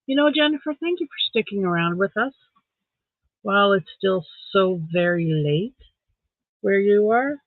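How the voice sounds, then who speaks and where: In an expressive, high voice at a moderate pace, a man from Saskatchewan, Canada, runs a casual late-night stream from home. He reads viewers' comments aloud, responds, and talks to his dog, all captured in dry, phone-like audio with no echo.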